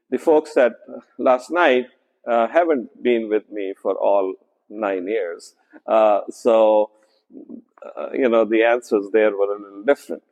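Male pastor, conversational sermon, slow, fillers, echoing church. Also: mid-range voice, a little mellow. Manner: frequent "right?" checks, many fillers, slow deliberate delivery. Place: church sanctuary.

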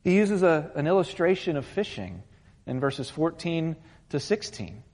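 Earnest pastor with a high-ish voice. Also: male voice, sing-song, unhurried, darkish tone. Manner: earnest, rising to urgent intensity. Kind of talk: sermon with opening prayer. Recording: long hall reverb.

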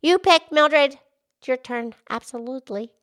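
A woman's voice: sits high, normal speed, a bit bright, dry recording, studio quality. A woman voicing a cheerful, enthusiastic pig who hosts a children's educational show. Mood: upbeat. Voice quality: bubbly, enthusiastic. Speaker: show host.

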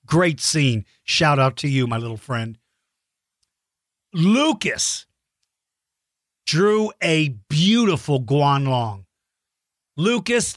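A middle-aged man hosting a kids' podcast, praising listeners' drawings with animated, playful mock outrage. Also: fairly high pitch, dry recording, clean studio sound. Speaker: podcast host giving shout-outs to young listeners. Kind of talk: warm kids' podcast chat.

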